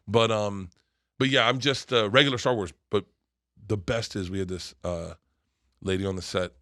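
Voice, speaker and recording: A man in his fifties, a comedian guest, telling stories and acting out the voices of the people in them, breaking into loud laughter. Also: fairly low pitch, steady tone, moderate pace, dry recording, clean studio sound. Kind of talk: animated storytelling.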